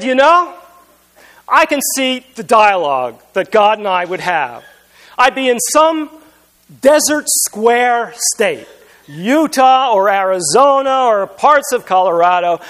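Pastor guy with a pretty high voice, joking about himself in his sermon. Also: a bit bright. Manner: humorous self-deprecating storytelling.

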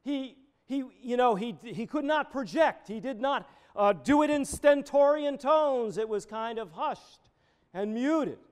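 A man's voice: very high-pitched, expressive, a little slow, clean tone. A middle-aged man, a pastor, preaching a conversational sermon full of personal stories.

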